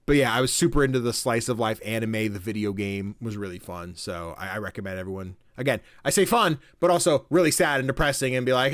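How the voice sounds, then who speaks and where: A man in casual podcast chat, retelling game stories in an animated way and acting out the characters' lines. His voice sits in a middle range, recorded close and dry with no room sound. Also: medium pitch, fast talker, few pauses, no room sound. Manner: animated storytelling, acts out quotes, swears casually. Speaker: podcast co-host.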